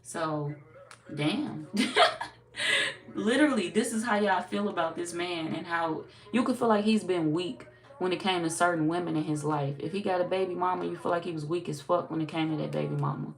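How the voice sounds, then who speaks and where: A woman giving a casual live tarot reading. She talks bluntly and profanely, chats with her viewers, and is slightly hoarse from losing her voice. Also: lowish voice, normal speed. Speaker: tarot reader. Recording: echoey room, distant mic, background noise.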